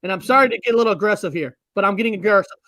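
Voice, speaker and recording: A man's voice: high-pitched, rapid-fire, sharp tone, dry recording. Guy ranting and cussing about a bill, keeps repeating himself, dry close mic. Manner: angry, profane, repeats himself. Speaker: podcast host. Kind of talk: casual ranting chat.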